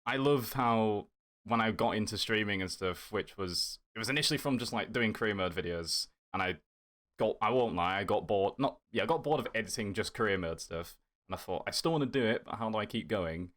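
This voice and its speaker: A man's voice: fairly low pitch, a little fast, a bit bright. A man talking as a guest on a casual podcast, rambling enthusiastically. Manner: enthusiastic, rambling, fillers and restarts. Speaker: podcast guest, content creator.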